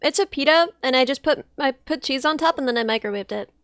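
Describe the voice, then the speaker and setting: A woman with a high voice hosts a casual livestream, tossing in playful, teasing remarks. Her sound is dry and close. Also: fast, a bit bright, no echo. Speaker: streamer host.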